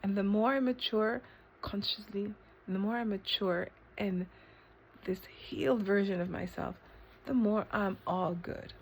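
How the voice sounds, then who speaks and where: A woman vlogging a reflective self-talk monologue, rambling with lots of fillers and breaking into sudden high exclamations. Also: fairly even intonation, unhurried, husky. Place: eating ice cream while filming herself.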